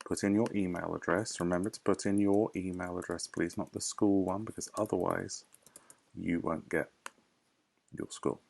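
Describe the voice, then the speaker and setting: A man teaching a recorded primary school English lesson, explaining tasks patiently and clearly. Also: low voice, fairly even intonation, normal speed, darkish tone.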